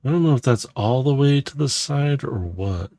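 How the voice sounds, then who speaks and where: A vlogger from Missouri, USA, narrates a Lego build for his channel in a mid-range, expressive, mellow voice at a moderate pace, with no room sound. His running commentary is casual and a bit rambling, full of fillers and self-corrections.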